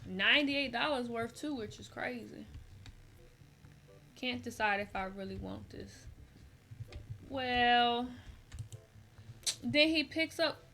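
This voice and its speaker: A young adult woman streaming a game, tired and chatting in a rambling, relaxed way full of slang. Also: fairly high pitch, slow, gravelly, pauses often, a little hiss or hum. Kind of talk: casual gameplay chat.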